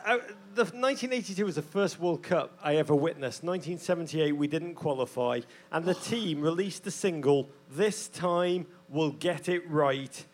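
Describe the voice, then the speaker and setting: A man's voice: a little high, normal speed, hardly any pauses. An English man in his forties co-hosting a podcast on stage in front of a live audience, theatrical and self-mocking. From England. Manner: theatrical, mock-grandiose, self-deprecating. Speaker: podcast co-host.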